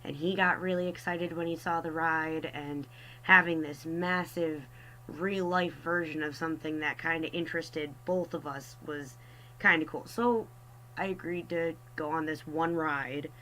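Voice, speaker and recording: A woman's voice: low voice, steady tone, measured pace, pushed and bright, a little hiss or hum, poor audio. A young woman telling a personal story in a casual, chatty way, wry and self-mocking. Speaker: artist storyteller.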